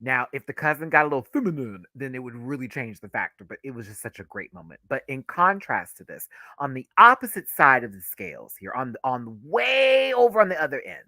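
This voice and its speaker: A man's voice: medium pitch, sing-song, brisk, few pauses, sharp tone, no echo, clean studio sound. A man giving a live, gossipy reaction review of a drag reality show, talking casually with sassy asides and frequent laughter.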